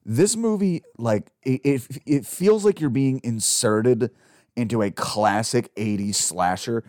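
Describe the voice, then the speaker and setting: A man's voice: medium pitch, unhurried, dry recording, clean studio sound. A young man co-hosting a podcast, chatting casually and animatedly about movies, swearing freely. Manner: animated, swearing, jumps into mock voices. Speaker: podcast co-host.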